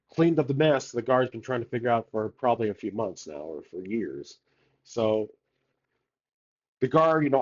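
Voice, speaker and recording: Man narrating solo tabletop game, rambling casual delivery, mid pitch, slightly muffled. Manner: rambling, thinking aloud with many fillers.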